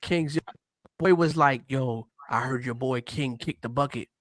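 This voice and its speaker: A man's voice: medium pitch, normal speed, dry recording, clean studio sound. A man joking and laughing with friends in a casual online chat. He swears, teases and acts out bits of dialogue. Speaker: co-host in a stream chat.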